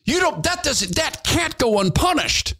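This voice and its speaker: A man's voice: very high-pitched, very animated, unhurried, pushed and bright, a little hiss or hum. A man hosting a podcast, giving fervent, repetitive, preachy commentary into a studio mic. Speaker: podcast host. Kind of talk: impassioned political commentary.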